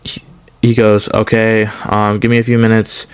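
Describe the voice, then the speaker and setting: A man's voice: on the low side, completely flat delivery, normal speed, clear, resonant tone. A young man telling a casual storytime on his channel, rambling with many restarts and fillers. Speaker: storytime YouTuber.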